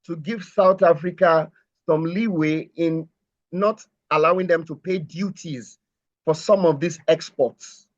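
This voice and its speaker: A man's voice: a little high, unhurried. Hesitant man discussing trade politics. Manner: hesitant, many fillers and restarts. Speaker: panel guest. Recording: muffled lo-fi sound.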